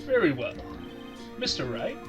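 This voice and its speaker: A man's voice: mid-range voice, wildly swooping pitch, unhurried, over music. A man voicing a pompous, flustered elderly male judge with a formal, declaring tone.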